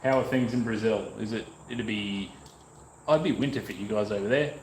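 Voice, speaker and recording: Aussie guy chatting and joking while he works, lowish voice, echoey workshop with faint hum behind. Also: fairly quick, darkish tone. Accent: Australian. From North Queensland, Australia. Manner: chatty, joking, rambling asides. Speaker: motorcycle restoration vlogger. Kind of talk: casual chat while working. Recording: echoey room, faint background noise.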